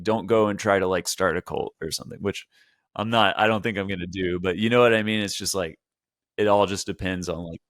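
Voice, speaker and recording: A man's voice: low-pitched, clear, resonant tone, no echo, studio quality. A man talking as a podcast guest, thoughtful and rambling, full of "like" and "um.". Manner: thoughtful, rambling, filler-heavy. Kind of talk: casual podcast conversation.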